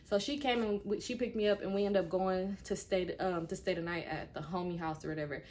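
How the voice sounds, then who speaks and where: A woman's voice: on the low side, brisk, a little hiss or hum. A woman in her twenties telling a personal story to her viewers in a casual, frank way. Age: 20s. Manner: animated retelling that acts out quoted speech; frank and conversational, speaking to viewers directly. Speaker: vlogger.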